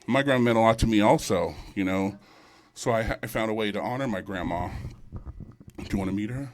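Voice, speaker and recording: A man's voice: lowish voice, brisk. A man doing a stand-up comedy set at a live show, crude and rambling, teasing the crowd.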